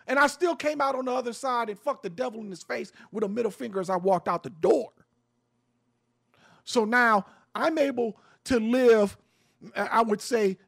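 A man with a strikingly high voice and a gravelly fry gives fiery social commentary. His pitch swings widely as he preaches, emphatic and unafraid to curse. He is a radio host holding forth as a guest. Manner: emphatic, preachy, swears freely.

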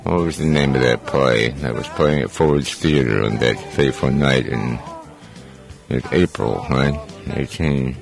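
A man's voice: extremely low pitch, a little slow, creaky, over music. A man hosting a call-in radio talk show, chatty and jokey, often rambling as he talks. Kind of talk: casual call-in radio chat.

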